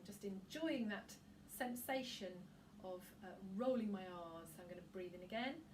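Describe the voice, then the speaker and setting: A woman singing teacher gently guiding a breathing and vocal warm-up, giving calm, encouraging instructions. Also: mid-range voice, moderate pace, distant mic, background noise.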